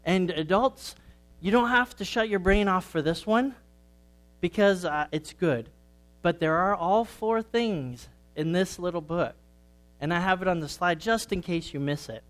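A preacher giving an earnest, explanatory sermon before reading a children's story aloud. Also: male voice, high-pitched, poor audio.

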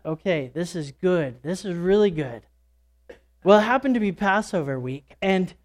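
Man telling a Bible story in character. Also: sits high. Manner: casual, folksy storytelling with fillers and asides. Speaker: church speaker retelling a Bible story in character. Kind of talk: first-person dramatic monologue as a disciple.

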